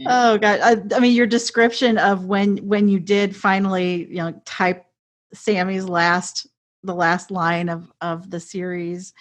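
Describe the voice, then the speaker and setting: A woman's voice: mid-range voice, level tone, measured pace. Woman podcast host, chatty, lots of ums and you-knows, normal mid voice. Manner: chatty and responsive, with frequent filler words. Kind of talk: podcast interview conversation.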